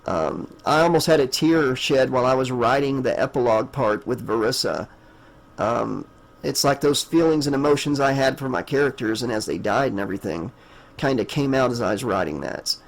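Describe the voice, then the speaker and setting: A man at an ordinary middle pitch talks off the cuff about writing his book. He rambles, circles back on himself with plenty of ums and uhs, and thanks his listeners warmly. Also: animated, moderate pace, gravelly, rough recording. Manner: rambling, lots of fillers, warm thanks. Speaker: audiobook narrator and author. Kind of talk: casual afterword talk to listeners.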